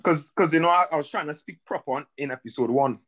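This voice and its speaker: A man's voice: on the high side, fast talker, a bit bright. A man from the Caribbean with a Caribbean accent, co-hosting a casual podcast over a video call, playful and laughing. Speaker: podcast co-host. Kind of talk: casual chat.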